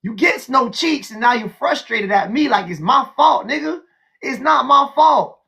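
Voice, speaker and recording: Husky high-voiced man hosting a heated stream. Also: animated, a little slow. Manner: loud, profane, mocking, repeats words. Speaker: livestream host.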